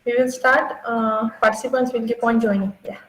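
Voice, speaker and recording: A woman's voice: on the high side, steady tone, moderate pace, a bit bright, echoey room, rough recording. A woman hosting an academic webinar, reading a formal introduction of the guest with hesitant fillers. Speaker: webinar host. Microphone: video call.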